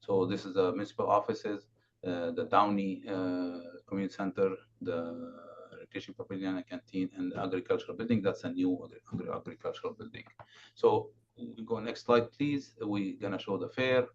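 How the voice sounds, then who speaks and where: A man giving a consultant's presentation at a council meeting, halting with many fillers and restarts. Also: low voice, fairly even intonation. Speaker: building condition consultant presenting. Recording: dull lo-fi remote audio, faint noise.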